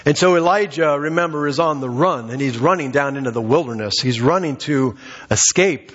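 A man's voice: a little high, brisk, a bit bright. A man preaching a sermon, retelling scripture and asking his congregation rhetorical questions. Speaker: pastor. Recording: reverberant hall, dull muffled sound.

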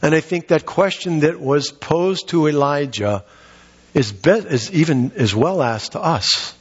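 Speaking at a moderate pace, a man preaches with a husky, slightly high voice that is very animated. As a pastor, he recounts scripture and poses rhetorical questions to the congregation, and the sound is dull and muffled, echoing through a reverberant hall.

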